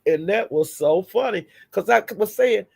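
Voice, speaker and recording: A woman's voice: mid-range voice, animated, moderate pace, vocal fry, mellow, husky. A woman hosting her own livestream, telling stories in a profane, laughing, casual rant. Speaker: livestream host.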